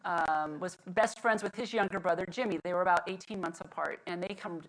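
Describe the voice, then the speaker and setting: A middle-aged woman speaking at a women's Bible study, teaching devotionally and telling family stories with lively, animated humor that settles into quiet reflection. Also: lowish voice, poor audio. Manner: lively storyteller who leans in on the funny parts, then slows to reflect.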